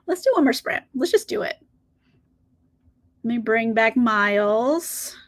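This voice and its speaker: Brief: high-pitched woman, chatty book streamer, casual and giggly, swears lightly. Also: expressive, unhurried. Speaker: reading live-stream host. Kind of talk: casual chat to live viewers.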